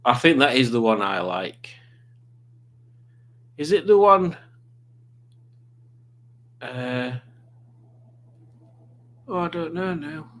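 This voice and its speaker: A man's voice: a little high, lively intonation, drawn-out words, pauses often, a bit bright. A man chatting casually on a livestream, rambling and reading out viewer comments. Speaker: livestreaming YouTuber.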